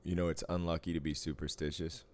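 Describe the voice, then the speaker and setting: A blunt, crude man co-hosting a casual podcast, swearing freely and laughing at his own jokes. His voice sits very low, and he talks right into the microphone. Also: flat delivery, fast, a little mellow. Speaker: podcast co-host. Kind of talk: casual chat.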